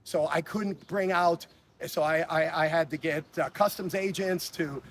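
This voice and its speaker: A man in his sixties with a fairly high voice. He talks bluntly and swears often. He stumbles over repeated words as he tells his stories in a casual interview, with a faint hum of noise behind him. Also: steady tone, a little slow. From Chicago. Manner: blunt, profane, frequent stammered restarts. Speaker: interview guest.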